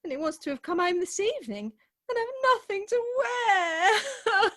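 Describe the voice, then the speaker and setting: Weepy, melodramatic young bride in a comic radio play, played by a woman with a very high voice. She wails and frets, her voice climbing even higher. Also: quick pace. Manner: wailing, melodramatic. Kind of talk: Zoom radio play acting.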